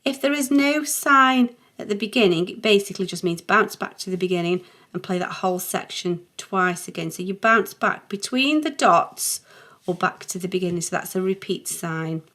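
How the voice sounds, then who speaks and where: A woman's voice: mid-range voice, normal speed, fairly bright tone. A middle-aged woman, a music theory teacher talking through a worked exercise patiently and thinking aloud as she writes. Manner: patient, thinking aloud, sings short note sounds.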